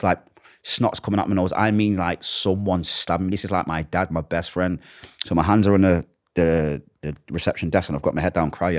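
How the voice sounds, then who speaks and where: A man's voice: deep voice, a little mellow. A middle-aged man with a Manchester accent, telling his own life story in an interview and acting out the conversations he recalls. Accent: Mancunian English. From Manchester, England. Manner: emotional, vivid retelling with acted-out dialogue. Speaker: interview guest.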